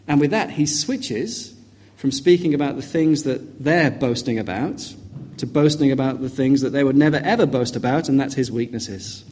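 A male preacher delivering a sermon, his voice mellow and soft-edged, pitched a little high. He reads passages with lively, emphatic rises. Each point comes in an animated rhythm. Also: moderate pace. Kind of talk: expository sermon.

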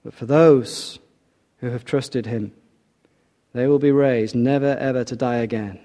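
A man preaching a sermon, earnest and measured, slowing down to stress key lines. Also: medium pitch, steady tone, dark tone. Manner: measured, earnest, slows for emphasis.

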